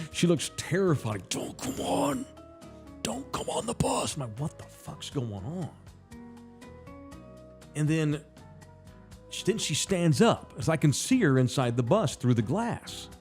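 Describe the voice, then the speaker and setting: Male podcast host, animated, profane storyteller, lively pitch, voices the other people himself. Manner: acts out other people's lines in a shifting voice; profane and emphatic.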